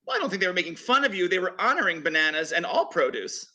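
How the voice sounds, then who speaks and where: Upbeat male improv referee, crisp bright tone, higher register. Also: sing-song, fast talker. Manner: upbeat, chatty, laughs often. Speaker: referee and host of an improv match. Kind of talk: game announcing. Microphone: video call.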